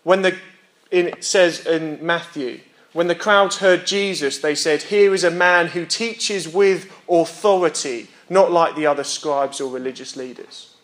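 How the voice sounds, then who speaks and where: A man's voice: fairly high pitch, measured pace, a bit bright. A young man giving a sermon. He reads scripture aloud, explains it plainly, checks in with his listeners and voices rhetorical questions. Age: young adult. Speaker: preacher.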